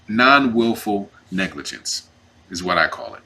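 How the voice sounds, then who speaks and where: A man who is representing himself in a custody case tells his story in a casual, animated and indignant way, acting out what others said. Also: fairly low pitch, normal speed, slightly rough. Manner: emphatic, indignant.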